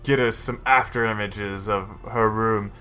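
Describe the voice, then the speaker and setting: A man's voice: fairly low pitch, fairly even intonation, a little slow, bright, forceful tone, clean tone, soft background music, voice pushed down. A man voicing an earnest, formal male justicar who presses blunt questions. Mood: insistent.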